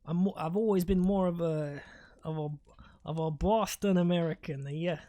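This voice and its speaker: Warm in tone and on the low side, her voice keeps a moderate pace. She's an esports caster giving loose, wandering commentary on a live strategy match, cursing freely and cracking herself up.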